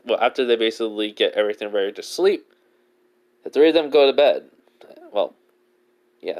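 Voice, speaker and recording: A man casually improvising a fan-fiction story, rambling and leaning on fillers and self-corrections. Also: mid-range voice. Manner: rambling, heavy use of "basically" and self-corrections.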